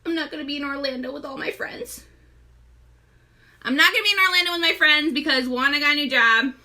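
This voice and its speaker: A young pregnant woman who sells makeup and hosts live streams talks fast in a high, bright, forceful voice. Her casual makeup tutorial is chatty, she names viewers as she greets them, and she's frequently short of breath.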